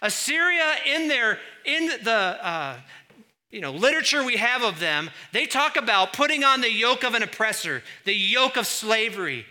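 A man preaching a sermon in an animated, emphatic way, full of rhetorical questions. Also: very high-pitched, normal speed. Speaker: pastor.

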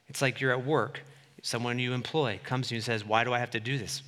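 A man preaching a sermon, swinging between loud, emphatic declarations and quiet asides. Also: medium pitch, fairly quick, long reverb tail.

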